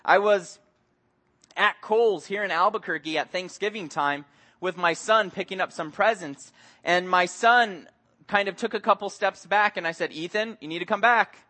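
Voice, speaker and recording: Animated, bright-voiced male pastor. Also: sits high, moderate pace. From Mexico. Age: adult with young son. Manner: animated storytelling, acts out voices. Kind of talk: sermon.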